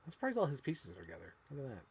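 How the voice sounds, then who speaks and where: An excitable young man talks to camera about his old toys, his voice leaping from high, loud squeals down to low mutters. His pitch sits in an ordinary middle range but moves a lot, and he swears now and then in easy, casual chat. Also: rapid-fire, a little hiss or hum. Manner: excitable, swings between shrieks and mumbles. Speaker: toy unboxing vlogger.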